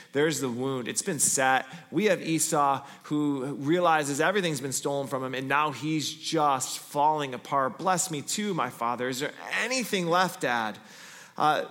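A male pastor preaching a sermon, retelling a scripture story with pauses, then going softer and slower when reading the passage aloud. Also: medium pitch. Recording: long hall reverb.

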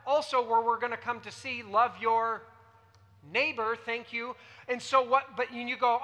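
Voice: medium pitch, steady tone, normal speed, bright, forceful tone. A preacher giving a teaching sermon, often putting questions to the listeners. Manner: teaching, asks the audience questions. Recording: reverberant hall.

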